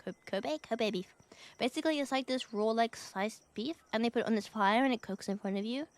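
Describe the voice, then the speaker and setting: A bubbly young woman with a slightly high voice, chatting loosely to her viewers on a live stream. She laughs a lot, swears casually and thanks people as they donate. Her voice sounds dry and close, with no room around it. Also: fast talker, no echo. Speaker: VTuber streamer.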